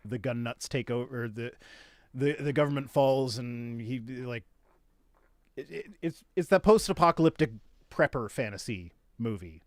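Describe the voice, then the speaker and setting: A man hosting a casual podcast chat, telling stories in a sarcastic, animated way with lots of restarts. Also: mid-range voice, a little slow, no echo. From Canada. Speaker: podcast host. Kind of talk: casual chat reacting to tweets.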